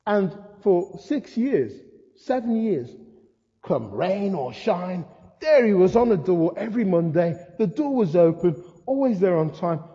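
An older man delivers a sermon, a high voice with a mellow, relaxed tone. He spins stories with humor and animated asides. The recording is dull and muffled, with a long echo from the hall. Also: unhurried. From England. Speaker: preacher. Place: church hall. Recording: muffled sound in a reverberant hall.

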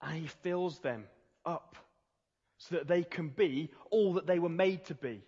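A man preaching a sermon in an earnest, emphatic way, slowing down to stress key phrases. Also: fairly high pitch, a little mellow, husky. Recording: reverberant hall, dull lo-fi sound.

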